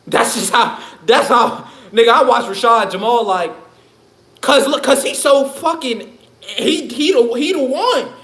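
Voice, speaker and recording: A man's voice: extremely high pitch, lively intonation, measured pace, fairly bright tone. A man ranting on his livestream in a loose, profane, rambling way, laughing often. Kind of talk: casual livestream rant. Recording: echoey room.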